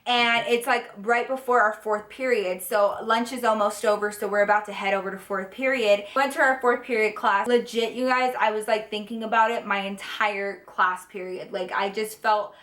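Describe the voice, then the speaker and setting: A young woman telling a casual storytime, chatty and animated with lots of swearing. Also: medium pitch, normal speed, hardly any pauses. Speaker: vlogger. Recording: echoey room.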